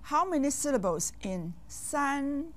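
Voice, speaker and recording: A woman teaching a language lesson for children, speaking slowly and clearly and pausing to quiz the listener. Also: high voice, very animated. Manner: slow, carefully enunciated, with quizzing pauses. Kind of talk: scripted language lesson for kids.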